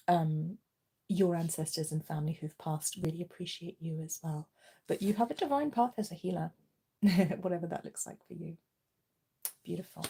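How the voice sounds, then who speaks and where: A woman reading tarot cards on a livestream, soft-spoken and giggly, her voice worn as she loses it. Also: on the low side, vocal fry, husky. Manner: soft-spoken, giggly, often drops to a murmur. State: losing her voice. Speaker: tarot reader.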